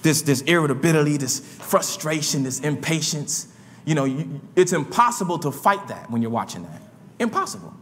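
Preacher, man, high and lively voice, impassioned sermon delivery, church hall reverb. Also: normal speed. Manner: impassioned, swinging between low murmurs and shouts. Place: church sanctuary.

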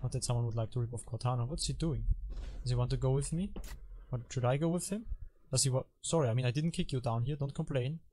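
A man's voice: medium pitch, fast talker, mellow, slight background noise. A man giving casual gaming commentary, rambling with joking, self-mocking asides as he plays. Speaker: gameplay commentator. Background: game music and effects.

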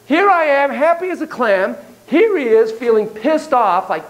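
A male psychotherapist lecturing in a university room, leaping up and down in pitch as he tells animated stories. He swears freely and acts out voices and sounds. A faint hiss sits under the recording. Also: unhurried, rough recording. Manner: animated, profane, storytelling with acted voices.

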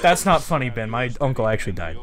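A man's voice: mid-range voice, very animated, fast. Curious guy, crowd noise behind. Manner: curious, asks lots of questions. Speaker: show reviewer. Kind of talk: casual group chat.

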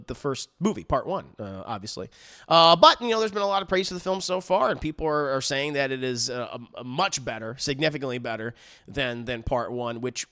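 Brief: a man who talks to his stream chat about a movie, rambling and loose with swearing, a smooth, clear voice. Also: on the high side, bright, forceful tone. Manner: rambling, repeats words, swears casually, addresses chat. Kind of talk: casual live-stream movie review.

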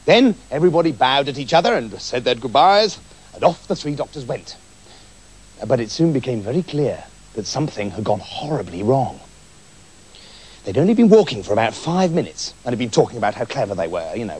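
A man narrating a comic storybook tale in an animated, giggly manner. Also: medium pitch, brisk, breathy edge.

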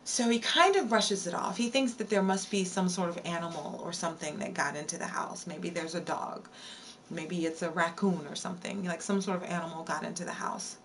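On a livestream, a woman tells a spooky story casually, repeating lines and stopping to answer her chat. Her voice is on the low side and brisk, with slight background noise behind it.

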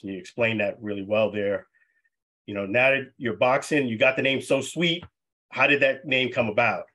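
A man's voice: fairly low pitch, fairly bright tone. A man hosting a sports radio interview, friendly and leaning on stock phrases as he asks questions. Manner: friendly, leans on "definitely" and "you know".

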